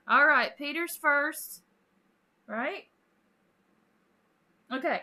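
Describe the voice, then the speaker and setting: A woman's voice: high-pitched, sing-song, takes it slowly, long pauses, pushed and bright. A woman hosting a casual live stream, chatting with viewers, greeting them by name and laughing often.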